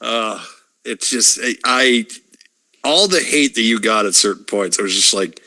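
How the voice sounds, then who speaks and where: A man's voice: on the low side, animated, a little slow, sharp tone. A man hosting a casual podcast chat, agreeable and often hesitating and restarting his sentences. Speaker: podcast host.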